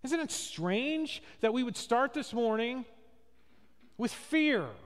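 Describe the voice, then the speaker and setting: A male pastor delivers a sermon in a high voice at an unhurried pace. He tells stories with acted quotes and keeps asking the congregation questions. A long church-hall reverb trails his words. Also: lively intonation. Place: church sanctuary.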